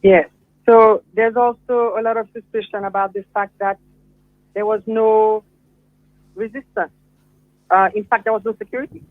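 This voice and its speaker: A woman calls in as a guest commentator, laying out her points slowly and with many fillers. Her fairly high voice comes through a narrow, tinny phone line. The sound is dry and close, with no room around it. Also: fairly even intonation, no room sound. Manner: measured, explanatory, with frequent fillers. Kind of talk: phone-in discussion.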